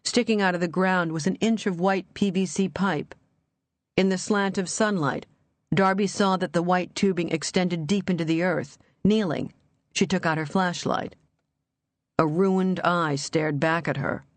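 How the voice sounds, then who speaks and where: A woman narrating an audiobook in a measured, even reading. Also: on the low side, no echo.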